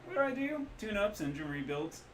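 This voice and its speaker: A man voicing a cheerful, hungover, middle-aged male back-alley doctor with a loud, folksy Midwestern accent and a boastful manner, in a roomy-sounding room. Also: high voice, big pitch swings, brisk, slight background noise, pitched above the performer's own voice. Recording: roomy echo.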